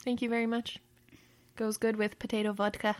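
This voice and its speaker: A woman's voice: a little high, flat delivery, fairly quick, background noise. A woman hosting a casual family chat, asking a child questions in a playful, upbeat way and laughing easily.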